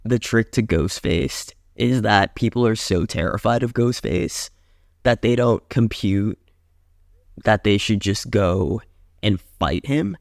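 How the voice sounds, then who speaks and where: A man co-hosting a podcast, chatting casually in a slow, deadpan, blunt way. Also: fairly low pitch, gravelly, no echo, clean studio sound. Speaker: podcast co-host. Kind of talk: casual chat.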